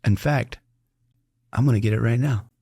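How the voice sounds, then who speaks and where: A man's voice: medium pitch, normal speed, creaky, slightly rough, dry recording, studio quality. A middle-aged man hosting a casual interview, telling stories with lots of laughter and acting out the voices of people he quotes. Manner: animated storyteller who laughs often and acts out quotes. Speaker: doctor and podcast host.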